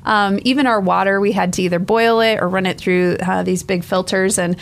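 A woman's voice: mid-range voice, steady tone, fairly quick, vocal fry. Chatty woman, missionary guest. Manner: chatty, laughs easily while recounting. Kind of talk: casual storytelling interview.

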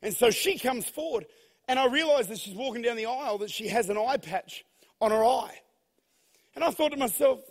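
High-voiced preacher in an echoing hall. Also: male voice, brisk. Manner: animated storyteller who swings from hushed to shouting. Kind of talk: sermon. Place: large church hall. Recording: long hall reverb.

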